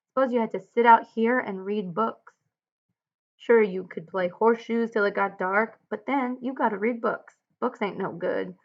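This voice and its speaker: A woman voicing a lonely, bitter male ranch hand in a read-aloud, drawling slowly with pointed rural speech, on a dull lo-fi recording. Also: medium pitch, close to an everyday voice.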